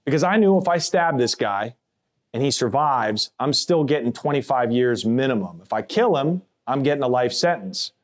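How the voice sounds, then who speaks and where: On a first-person storytelling podcast, a man recounts his own story bluntly and plainly, swearing casually and acting out other people's voices in quotes. His mid-range voice is animated, and he keeps a moderate pace.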